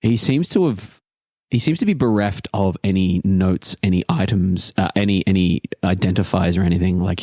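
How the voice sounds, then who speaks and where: Man, game master, low voice, dry close sound, relaxed narration. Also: no echo.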